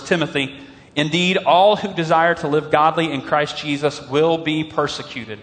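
A man preaching a sermon as pastor, earnest and animated, slowing down on emphatic phrases. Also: on the high side, big-room sound.

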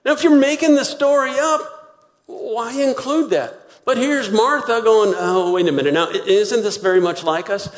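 A man preaching a sermon, retelling a story with lively acted-out voices. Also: very high voice, normal speed, big-room sound. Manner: animated storytelling, acting out voices. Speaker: pastor.

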